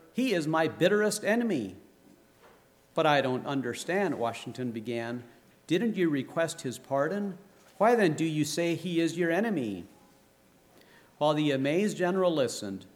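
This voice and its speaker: Man preaching a sermon, slightly high voice. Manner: reads story aloud, raising voice for quoted shouts. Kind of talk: sermon with read-aloud story.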